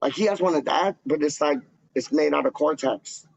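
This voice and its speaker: A fan channel host chats casually to camera, rambling in slang and stuffing his talk with "like" and "dog." His voice sits on the high side with some vocal fry, moving at a moderate pace. The sound is dry, dull, and lo-fi.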